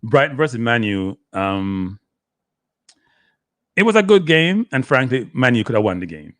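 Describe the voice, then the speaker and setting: Rambling sports stream host. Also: male voice, lowish voice, dry recording, clean studio sound. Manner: rambling, talks to the chat by name, slips into Caribbean patois. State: dry throat. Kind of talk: casual live-stream chat.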